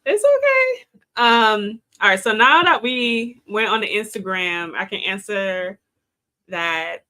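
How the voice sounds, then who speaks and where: A woman's voice: medium pitch, bright, forceful tone. A woman on a discussion panel who lectures other women listeners directly.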